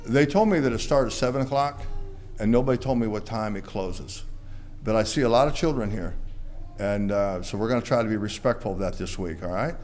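A man preaching a sermon to a church congregation, rising to loud emphatic peaks and dropping to quiet, low endings. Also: brisk, slight background noise.

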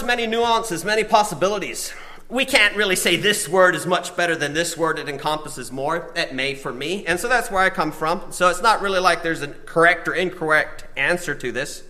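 A man preaching a sermon to a small congregation and listeners, telling stories and reading out lists, swinging between loud emphasis and soft asides. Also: high-pitched. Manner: reads lists of words slowly, one at a time. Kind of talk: sermon with storytelling.

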